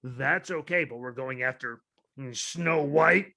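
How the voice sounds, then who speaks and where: A young man on a casual wrestling podcast, talking in a high, bright voice. He rants and swears freely, and he jumps into loud shouted bits when he acts out what other people said. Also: takes it slowly. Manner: ranting, profane, animated, shouts out quoted lines. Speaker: podcast co-host.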